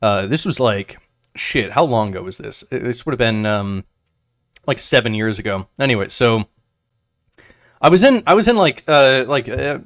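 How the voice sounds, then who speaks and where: A man chatting on a podcast, his pitch swinging widely as he rambles through anecdotes. He stumbles over restarts and swears freely. The sound is close and dry. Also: moderate pace, no room sound. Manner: rambling, many restarts and swearing, animated retellings. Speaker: podcast co-host. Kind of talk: casual chat.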